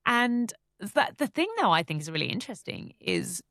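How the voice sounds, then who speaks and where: An Australian woman co-hosting a podcast, chatting casually and animatedly with quick asides. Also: mid-range voice, huge pitch swings, fairly bright tone, no room sound, studio quality. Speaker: podcast co-host reading listener emails. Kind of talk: casual chat.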